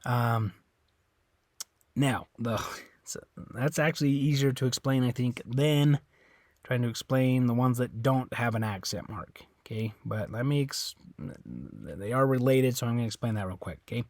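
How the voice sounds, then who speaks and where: A man teaching a Spanish pronunciation lesson, patient and repetitive, often pausing to check understanding and saying words slowly. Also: medium pitch, a little mellow, no room sound. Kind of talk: classroom lesson explanation.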